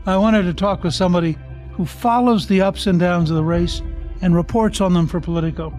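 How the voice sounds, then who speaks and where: A man hosting an interview podcast, speaking in a measured, deliberate way with personal asides. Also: sits high, a little mellow, faint music behind. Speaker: podcast host.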